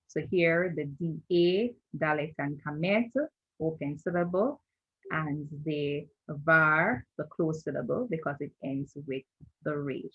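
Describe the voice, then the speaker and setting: Low-voiced woman teaching patiently. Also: breathy edge, muffled recording. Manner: patient, repeats terms and checks with "right?". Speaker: language teacher. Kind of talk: screen-share lesson.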